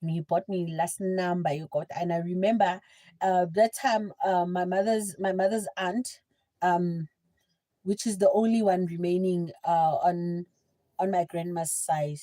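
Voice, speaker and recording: Chatty South African woman, mellow tone. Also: lowish voice, measured pace. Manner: animated, laughing, chatty. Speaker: livestream host. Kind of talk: casual storytelling.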